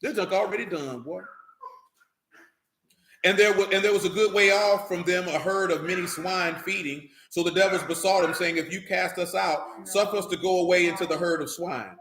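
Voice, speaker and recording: A man's voice: high-pitched, fairly even intonation, moderate pace, a bit bright, roomy sound, a little hiss or hum. A man preaching an informal sermon to his congregation, reading scripture and breaking off into loose, slangy asides.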